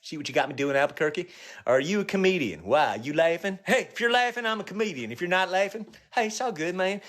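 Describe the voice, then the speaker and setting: Middle-aged male comic, slightly high voice, crude riffing with live viewers, low mutters and sudden high yelps. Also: a bit bright. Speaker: comedian live-streaming. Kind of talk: rambling live-stream banter with viewers.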